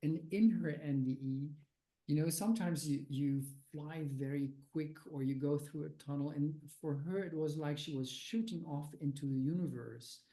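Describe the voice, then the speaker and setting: An older man being interviewed as a guest, speaking haltingly with many fillers and restarts. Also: a little high, mellow, low-quality recording. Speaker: guest researcher of near-death experiences. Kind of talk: conversational interview answers.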